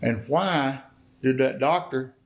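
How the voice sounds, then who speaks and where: A man's voice: medium pitch, slow, low-quality recording. Folksy man giving a testimony. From Arkansas. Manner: folksy storytelling, swelling to impassioned preaching. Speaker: guest speaker. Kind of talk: testimony sermon.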